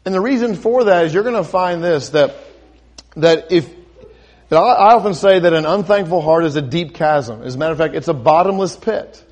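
A man with a slightly high, darkish voice preaches briskly, asking the congregation questions and climbing to emphatic crescendos. He often restarts and repeats words as he goes.

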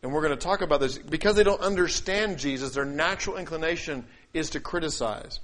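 A man preaching a sermon, acting out quoted voices and scripture, swinging between loud declaiming and quiet asides. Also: on the high side, brisk. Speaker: pastor.

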